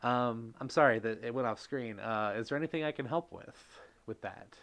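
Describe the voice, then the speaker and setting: A man's voice: medium pitch, normal speed, fairly bright tone. A man hosting a casual live stream, reading chat comments aloud and reacting in an effusive, gushing way. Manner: gushing, effusive, exclaims often.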